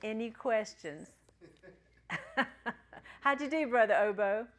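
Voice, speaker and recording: Woman teacher, slow and chatty, high-ish voice, classroom lecture. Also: animated, slight background noise. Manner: chatty, encouraging, jokes with students. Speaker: Greek teacher at a ministry school.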